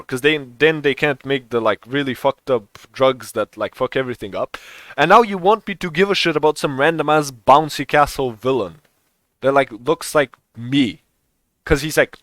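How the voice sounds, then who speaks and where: A man's voice: medium pitch, a bit bright, dry recording. A young man co-hosting a podcast in a casual chat, rambling, swearing and laughing often. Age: young adult. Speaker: podcast co-host.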